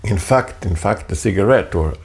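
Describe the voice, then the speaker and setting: A man at home reading a reflective spoken essay in a deliberate, halting way, often repeating his phrases. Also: on the low side, lively intonation, vocal fry, darkish tone. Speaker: artist performing a spoken text.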